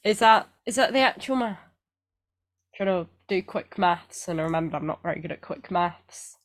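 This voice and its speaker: A woman's voice: lowish voice, expressive, moderate pace. A woman co-hosting a casual podcast, rambling and self-deprecating with lots of fillers, getting over feeling unwell. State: recovering from illness. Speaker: podcast co-host. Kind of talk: casual chat.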